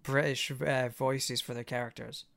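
Joking man tossing in quick remarks. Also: medium pitch, little pitch movement, creaky, a bit bright. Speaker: podcast co-host. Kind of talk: casual podcast chat.

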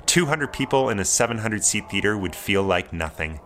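Bright-toned young man narrating his story. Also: on the low side, lively intonation, fairly quick, slight background noise. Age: young adult. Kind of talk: reflective personal narration.

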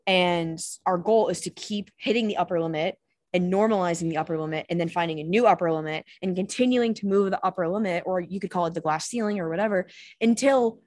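A candid, chatty woman with a lowish voice, talking through a personal story as a podcast guest. She swears freely and leans on "like" as she goes. The recording is close and dry, with no room around her. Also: fast talker, darkish tone, no echo. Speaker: podcast guest, empowerment coach. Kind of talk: casual conversational storytelling.

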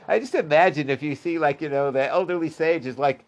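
A man teaching a Talmud class in a relaxed way, reading short lines aloud, explaining them in plain terms and chuckling at the stories. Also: on the high side, a little fast, creaky, hardly any pauses. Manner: retells stories line by line with loose asides and chuckles. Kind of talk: casual Talmud class storytelling.

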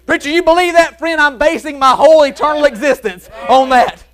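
A man with a Mississippi accent preaching a sermon in folksy Southern speech, shouting some phrases and dropping to a hush on others. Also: extremely high pitch, brisk. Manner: swings from shouting to hushed, soft tones; folksy Southern grammar, chuckles while preaching. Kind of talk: revival sermon. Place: church.

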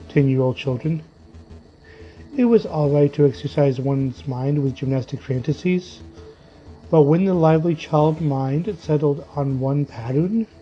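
A man narrates a story in a measured, dramatic way, his voice sitting a little high for a man. The recording sounds muffled and lo-fi, with faint music playing underneath. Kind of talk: audiobook story reading. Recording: dull lo-fi audio with faint music.

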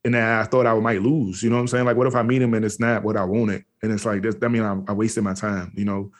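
A man's voice: fairly low pitch, level tone, fast talker. A man from the Washington, D.C. area, speaking candidly and slangily as an interview guest, with frequent restarts. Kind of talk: candid personal storytelling.

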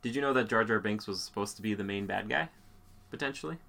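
Young guy hosting a chat, bright voice, jokey and teasing. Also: lowish voice, quick pace, vocal fry. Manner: playful, teasing, puts on silly voices in quotes. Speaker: host. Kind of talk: casual interview chat.

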